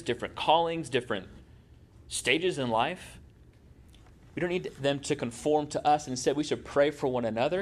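This is a man of medium pitch preaching in a church, chatting easily with the congregation and firing off quips along the way as their pastor.

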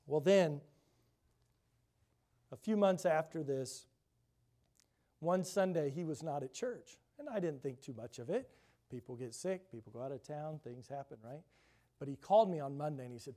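A man's voice: fairly high pitch, expressive, normal speed, creaky, pauses often. Storytelling man preaching a sermon. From grew up in a big city. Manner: storytelling, quoting others in shifting voices, drops to a hush. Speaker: pastor.

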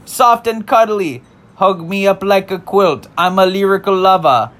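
A man putting on a mock Jamaican accent as a smooth-talking male lover, reciting song lyrics in a sing-song way. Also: high-pitched, measured pace, fairly bright tone, voice pushed up. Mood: flirty.

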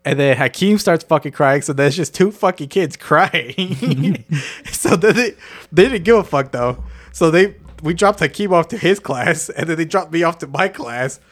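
A man's voice: on the high side, animated, normal speed. A young man co-hosting a podcast, telling a childhood story in a profane, laughing way. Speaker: podcast co-host. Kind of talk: casual storytelling chat.

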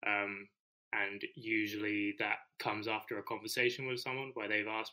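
A man, co-hosting a casual podcast discussion, explaining his views in a measured, careful way. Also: on the low side, flat delivery, bright, forceful tone, low-quality recording. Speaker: teacher podcast co-host.

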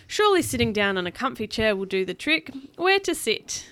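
A woman's voice: a little high, very animated, brisk, bright, forceful tone, no echo. A woman voicing a goofy, tired dad dog while reading a picture book. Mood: jokey.

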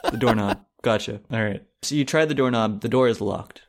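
A man narrating a tabletop game as dungeon master, deadpan and teasing in casual chat. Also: medium pitch, a little fast.

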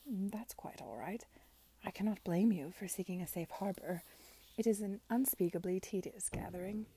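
A man's voice: sits high, moderate pace, warm tone, slightly rough, dry recording. A woman reading aloud as a worldly, amused lady in her early forties, dry in manner, in a storybook reading.

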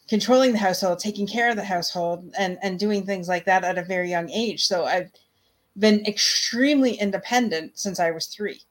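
A woman talking casually as a guest, hesitant and restarting her sentences, laughing now and then. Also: medium pitch. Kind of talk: casual conversation.

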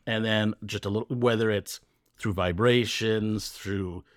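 A man's voice: lowish voice, steady tone, a little slow, dry recording, studio quality. A man co-hosting a podcast in loose, joking casual chat, swearing freely. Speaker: podcast co-host.

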